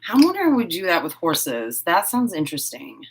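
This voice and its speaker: Woman, live-stream host, casual chat, giggly, thinks out loud, slightly low voice. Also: wildly swooping pitch, fairly quick. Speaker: host of a horse-themed channel.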